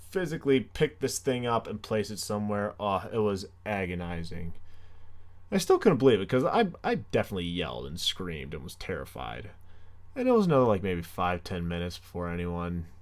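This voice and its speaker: A young man telling a comic story on his podcast, animated and self-mocking, with sarcastic asides. His voice sits fairly low for a man. He swings between hushed lines and excited outbursts. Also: a little fast. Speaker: podcast host.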